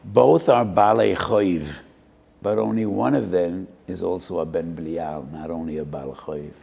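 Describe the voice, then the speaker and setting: A man's voice: deep voice, a little slow, creaky, a little mellow, husky. An older man, a rabbi, giving a sermon, telling a parable with Hebrew phrases and acting out both sides of a dialogue. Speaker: rabbi giving a Torah lecture. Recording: roomy hall with long reverb.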